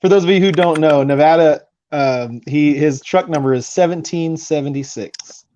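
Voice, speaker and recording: A man's voice: fairly high pitch, normal speed, mellow. A man hosting a casual trucker round table, rambling a little as he tells stories. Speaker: host trucker. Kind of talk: casual chat. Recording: dull lo-fi line with faint noise.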